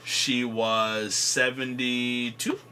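A man's voice: mid-range voice, level tone, drawn-out words, pushed and bright, slight background noise. A man from New York co-hosting a podcast in casual, rambling chat with frequent restarts. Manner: loose and rambling, with many restarts. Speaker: podcast co-host.

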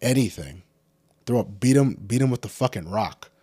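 A man with a very low, husky voice rants, swearing constantly and climbing into loud, heated bursts. The sound is dry and close, with no room around it. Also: animated, moderate pace, no echo. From California. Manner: profane, heated, builds to shouting. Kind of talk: angry unscripted rant.

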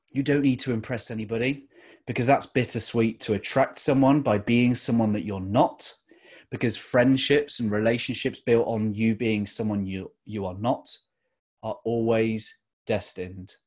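A middle-aged podcast host with a voice on the low side gives an earnest motivational talk, slowing down to stress key phrases.

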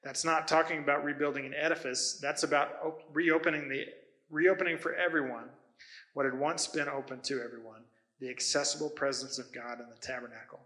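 Bright-voiced man preaching. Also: on the high side, steady tone, a little fast, poor audio. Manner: conversational storytelling with self-corrections. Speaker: pastor. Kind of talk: sermon.

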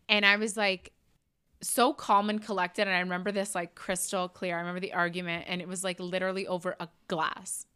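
A woman's voice: fairly low pitch, bright, forceful tone, clear, resonant tone. A young woman co-hosting a casual chat, telling stories with animation and swearing freely. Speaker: podcast co-host.

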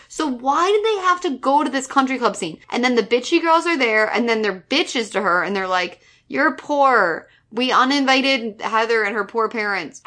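A woman co-hosting a casual movie podcast with a bright, slightly high voice. She is blunt and exasperated and swears freely as she picks the plot apart. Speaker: podcast co-host. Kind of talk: casual movie recap chat.

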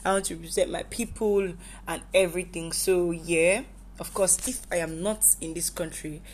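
A woman's voice: on the low side, steady tone, moderate pace, darkish tone, a little hiss or hum. Goofy rambling woman. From Nigeria. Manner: goofy, rambling, self-correcting. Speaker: podcast host. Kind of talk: casual personal monologue.

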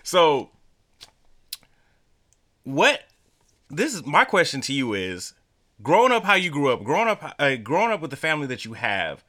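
A man's voice: fairly high pitch, big pitch swings, normal speed, long pauses, bright, forceful tone. A man hosting a casual podcast interview, rambling as he works his way to his question. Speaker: podcast host.

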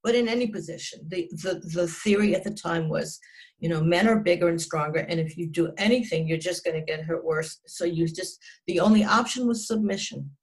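A woman's voice: lowish voice, fairly quick. A woman in her sixties, a psychotherapist, telling a personal story as an interview guest in an earnest, emphatic way, often restarting and dropping her voice at grim moments.

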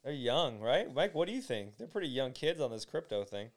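A man's voice: mid-range voice, sing-song, fairly quick. A man hosting a podcast, teasing his guest in casual, joking banter. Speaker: podcast host.

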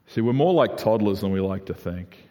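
A young adult man preaching a sermon in a casual, animated way, full of "like" fillers. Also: lowish voice, moderate pace. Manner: conversational, animated, frequent "like" fillers. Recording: reverberant hall.

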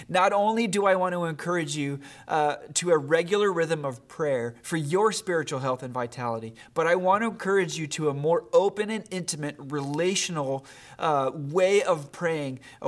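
Pastor, male, earnest sermon delivery with read-aloud story, a touch higher-pitched. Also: normal speed. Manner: earnest, with many fillers and restarts.

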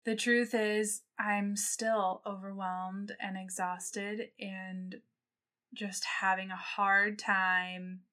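Woman host, unhurried pace, crisp bright tone, candid. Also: mid-range voice, flat delivery. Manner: slow, measured, candid. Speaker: podcast co-host, nurse. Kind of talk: casual podcast chat.

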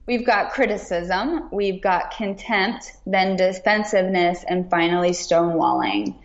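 A woman's voice: lowish voice, unhurried. Earnest woman guest in a roomy echo. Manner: earnest, encouraging. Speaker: podcast guest. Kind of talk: casual podcast chat. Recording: roomy, dull remote audio.

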